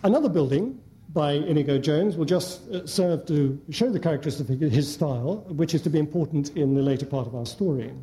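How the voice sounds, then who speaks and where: A man lecturing an audience in a measured way, with frequent hesitant fillers. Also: fairly high pitch, animated, mellow. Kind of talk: academic lecture with slides. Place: lecture hall before an audience.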